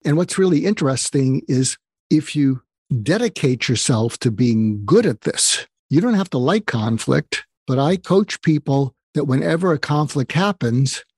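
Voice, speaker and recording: A man's voice: fairly high pitch, expressive, measured pace, darkish tone, breathy edge, no room sound, studio quality. An older man, a psychiatrist, telling stories and giving earnest advice as an interview guest. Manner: earnest, advising, quotes people in stories. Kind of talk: interview storytelling.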